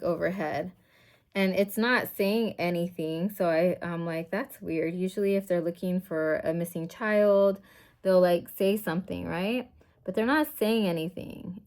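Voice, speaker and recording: A woman in her forties telling a long story in a casual, rambling way, full of "like," while she does her makeup at home. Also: fairly low pitch. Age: 40s. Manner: rambling and chatty, full of "like" and "I'm like". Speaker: beauty vlogger.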